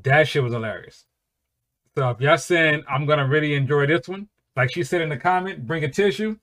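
A man hosting a casual music reaction video, swearing freely and breaking into loud, high-pitched laughing excitement. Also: a little fast. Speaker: reaction channel host.

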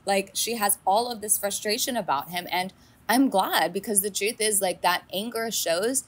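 Animated woman chatting with many fillers. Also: mid-range voice, moderate pace, breathy edge. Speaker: podcast co-host. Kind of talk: casual recap chat.

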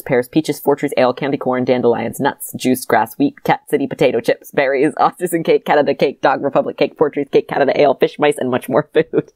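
A podcast co-host with a strikingly low voice reads an old story aloud at a brisk clip, staying deadpan but laughing at the asides and bantering with her co-host. The sound is close and dry, with no echo.

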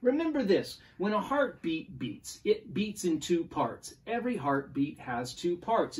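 A poet man teaches a playful lesson from home, his voice sitting a little higher than most men's. He chants beats aloud with animated energy. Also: unhurried, few pauses, recorded from a distance.

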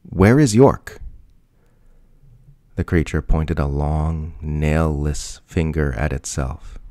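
A man voicing a famed middle-aged physicist, curious and sharp, who speaks in quick, raised, urgent exclamations. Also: rumbling low, level tone, no room sound. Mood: alarmed.

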